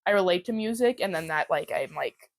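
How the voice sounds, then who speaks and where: A woman's voice: on the low side, expressive, fairly quick, creaky, no room sound. A young woman hosting a podcast in casual chat, rambling and teasing, full of filler words. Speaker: podcast host.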